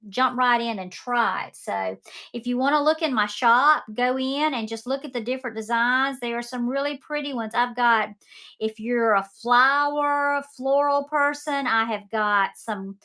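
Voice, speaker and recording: A woman's voice: a little high, unhurried, bright, forceful tone. A talkative woman in her fifties with a Southern accent from Mississippi, chatting casually while selling art kits on a live stream.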